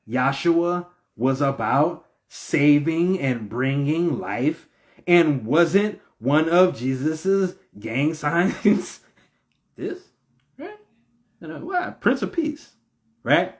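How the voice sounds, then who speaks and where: A man hosting his own video, giving a casual spiritual talk full of rhetorical questions in a preachy manner. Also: a little high. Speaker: video host.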